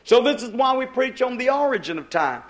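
A man with a notably high voice delivers a sermon. He preaches emphatically, circling back to his points and posing rhetorical questions to the congregation. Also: very animated, fairly quick.

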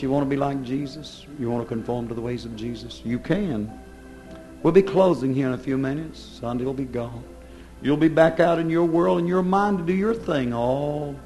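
A fiery preacher man delivers a sermon in a slightly high voice. He swings between loud, ringing proclamations and hushed, urgent pleas. Faint music plays underneath. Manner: fervent, swings from loud declaiming to low intense pleading.

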